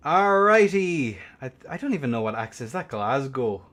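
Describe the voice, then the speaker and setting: A young man hosting a game tournament stream, rambling and swearing between bursts of excited play-by-play commentary. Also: medium pitch, moderate pace. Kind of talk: casual livestream game commentary.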